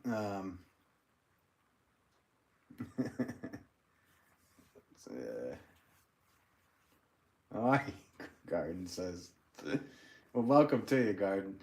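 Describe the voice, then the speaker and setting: A man's voice: deep voice, sing-song, very slow, long pauses, breathy edge. A man with an American accent hosting a casual pottery livestream, reading out viewer comments and joking with a frequent chuckle. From United States. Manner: jokey, chuckles often.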